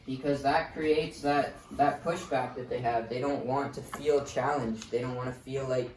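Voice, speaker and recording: A man's voice: medium pitch, steady tone, moderate pace, hardly any pauses, a little mellow, far from the mic. A man teaching sales in a loose, blunt way, swearing often as he talks. He sounds a little away from the mic in a roomy, echoing space. A faint hiss sits underneath. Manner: casual, blunt, swears freely. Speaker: sales coach. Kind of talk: motivational sales lesson.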